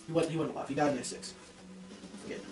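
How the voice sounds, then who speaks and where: In an echoey fur shed, a young trapper vlogger rambles through a casual story for his viewers, correcting himself and addressing them directly, his voice sounding distant. It's a little high and darkish, steady in tone and rapid-fire, with faint music behind.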